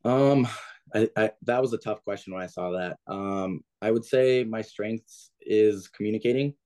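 A man's voice: on the low side, moderate pace, warm tone. A young man, a diving coach, talking casually as a podcast guest, plain-spoken with lots of "like" and "kinda". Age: young adult. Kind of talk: podcast interview.

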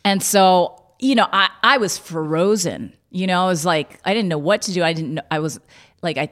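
Halting low-voiced woman telling a story. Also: fairly bright tone. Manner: halting, with many restarts and filler. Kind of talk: candid personal storytelling.

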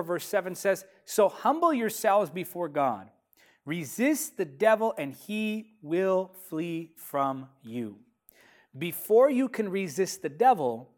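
An emphatic preacher delivering a sermon in a steady, rhythmic cadence. Phrases are repeated for effect, and the pace drops sharply whenever a key point lands. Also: mid-range voice. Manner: slows down sharply to stress key lines.

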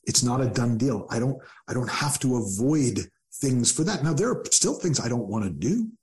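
A man speaking as a guest coach in an interview, calm and thoughtful with a gently wry turn. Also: medium pitch, normal speed. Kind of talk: reflective interview talk.

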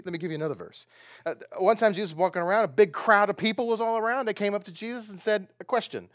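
A man's voice: high-pitched, very fast, a bit bright, no echo, clean studio sound. A man preaching a sermon, talking conversationally, asking the audience questions and often laughing. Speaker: pastor.

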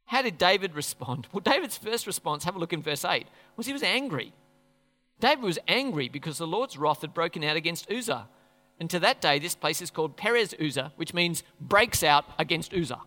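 A male pastor delivering a sermon with a high, lively voice that keeps asking the room questions. His tone is bright and forceful. Long reverb hangs on every phrase. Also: brisk. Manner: conversational, questioning the audience. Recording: echoey hall reverb.

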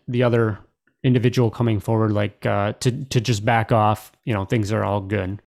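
A man's voice: fairly low pitch, steady tone, normal speed, gravelly, darkish tone. A man running a tabletop game as game master, narrating casually with many fillers.

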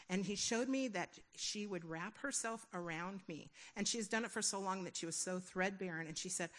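A woman sharing a personal testimony at a church gathering, telling it in a rambling, animated way and acting out the dialogue she heard inside her. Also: mid-range voice, normal speed. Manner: rambling, animated storytelling with quoted inner dialogue. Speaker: church member giving a testimony.

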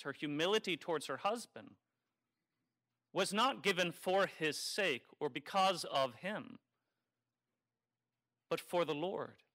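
Male priest, homily delivery, wry and conversational, bright and slightly high voice. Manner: conversational and wry, teasing the congregation. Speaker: Catholic priest. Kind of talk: sermon.

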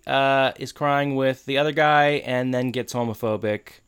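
A man co-hosting a casual chat, calmly narrating TV scenes in a matter-of-fact way. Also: medium pitch, unhurried, clean tone. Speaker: podcast co-host recapping a TV episode.

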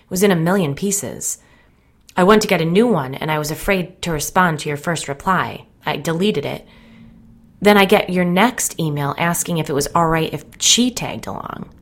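A woman's voice: deep voice, moderate pace. A woman reading an audiobook, voicing a troubled, volatile young man who speaks anxiously and earnestly. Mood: agitated.

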